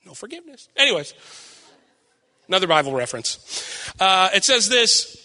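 A young man giving a sermon with personal stories, loud and animated, self-deprecating and acting out what people say. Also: sits high, moderate pace, long reverb tail. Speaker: preacher.

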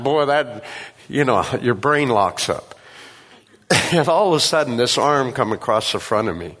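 Preacher with hall reverb. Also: male voice, medium pitch, normal speed. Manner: animated storytelling, acts out voices. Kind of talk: sermon with personal stories. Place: church sanctuary.

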